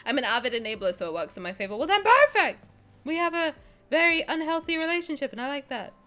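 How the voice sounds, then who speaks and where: A woman streaming a game, talking casually with her chat, swinging from loud squeals to quiet mutters. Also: high-pitched, expressive, fast talker, soft background music.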